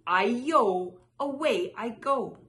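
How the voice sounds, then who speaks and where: A woman voicing a cheeky, excitable runaway rice cake that calls out in shrill, taunting cries. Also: slow.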